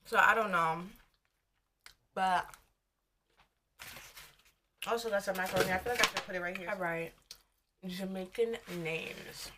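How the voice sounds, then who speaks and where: A woman's voice: medium pitch, a little slow, long pauses, noisy background. A young woman, chatting casually and rambling while she eats for a mukbang vlog. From United States. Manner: rambling, loose and candid, talking while eating. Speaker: vlogger.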